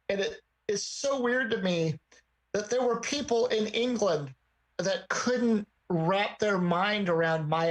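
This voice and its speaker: A man hosting a casual podcast chat, telling stories in an animated way and swearing now and then. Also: high-pitched, low-quality recording. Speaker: host.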